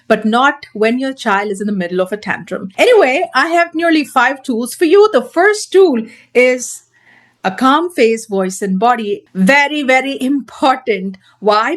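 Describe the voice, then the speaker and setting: A woman parenting coach teaching straight to camera, earnest and emphatic, repeating her key points. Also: sits high.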